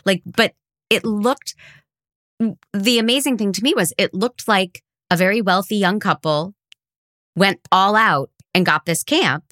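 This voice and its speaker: A woman's voice: medium pitch, measured pace, fairly bright tone, no room sound, studio quality. A woman hosting a casual chat, wry and dryly humorous, rambling through her thoughts. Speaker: podcast host, actor and audiobook narrator.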